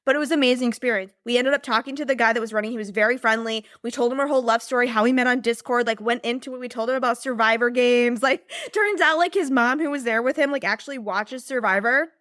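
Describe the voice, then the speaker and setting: A young woman talks in a bubbly, rambling way, full of fillers and quick laughs. Her voice sits a little high, recorded close and dry with no room sound. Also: a bit bright, dry recording. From United States. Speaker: podcast host and business mentor. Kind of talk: casual chat.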